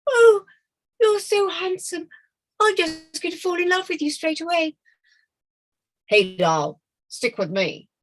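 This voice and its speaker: A woman's voice: extremely high pitch, expressive, slow, pauses often, full character voice. A woman playing a flirty, smitten woman, gushing and swooning. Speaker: improv performer.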